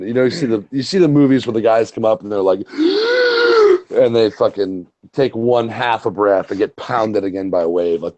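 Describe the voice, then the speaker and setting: A man telling stories in casual profane chat, animated and full of swearing. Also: on the low side. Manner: animated storyteller, swears a lot. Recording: muffled lo-fi audio.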